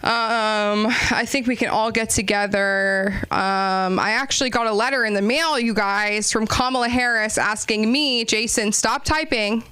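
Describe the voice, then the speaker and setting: Smooth-voiced rambling comedy host woman. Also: on the high side, fairly even intonation, measured pace, few pauses, pushed and bright, no echo. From Los Angeles. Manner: rambling, self-deprecating, ironic. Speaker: open mic host. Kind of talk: stand-up comedy hosting. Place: small comedy club stage.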